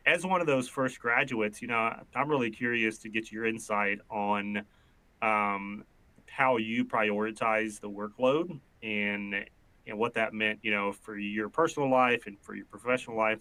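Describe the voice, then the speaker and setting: A man hosting a live online panel discussion, relaxed and chatty as he talks to the guests. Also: lowish voice, a little slow, rough recording. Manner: relaxed and chatty, says "brother". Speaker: panel host.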